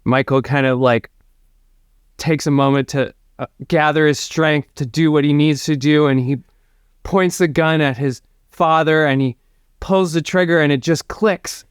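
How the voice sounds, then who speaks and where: Male co-host narrating in halting bits, smooth and clear. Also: a little high, fairly even intonation, no room sound, clean studio sound. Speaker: improv comedy podcast co-host. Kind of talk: improvised storytelling.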